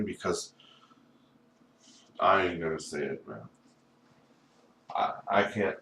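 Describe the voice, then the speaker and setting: Low-voiced man rambling in an echoey room. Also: fairly bright tone. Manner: rambling, profane, repeats "you know". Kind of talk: rambling solo monologue. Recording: echoey room, voice far from mic, faint background noise.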